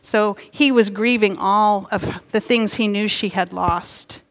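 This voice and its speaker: A middle-aged woman pastor preaching a sermon in an earnest, gently emphatic way. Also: mid-range voice, slow pace. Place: church sanctuary. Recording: long hall reverb.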